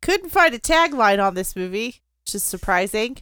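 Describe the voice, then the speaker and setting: A woman's voice: mid-range voice, very animated, normal speed, a bit bright, smooth, no room sound, clean studio sound. A woman co-hosting a podcast, reading out movie credits in casual chat and giggling now and then. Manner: reads film facts, giggles. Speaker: podcast co-host.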